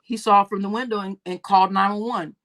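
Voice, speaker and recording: A woman's voice: medium pitch, steady tone, a little fast, fairly bright tone. A young woman hosting a casual livestream, reading comments, laughing often and telling stories with lots of cursing. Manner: laughing, profane, storytelling with acted quotes. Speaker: livestream host.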